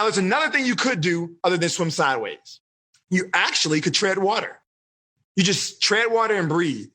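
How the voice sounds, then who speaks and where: Upbeat guy coaching teens, high bright voice, keeps quizzing the kids. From Texas. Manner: energetic, quizzing the audience. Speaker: life coach teaching teens. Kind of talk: live online seminar.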